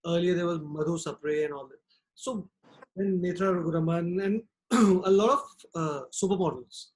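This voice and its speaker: A man's voice: high-pitched, moderate pace, poor audio. Hesitant interviewer man. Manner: hesitant questioning with restarts. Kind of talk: casual interview.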